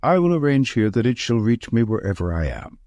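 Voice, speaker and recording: A man's voice: mid-range voice, sing-song, brisk, darkish tone, dry recording. A man voicing a grave, commanding male detective who speaks with emphasis. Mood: stern.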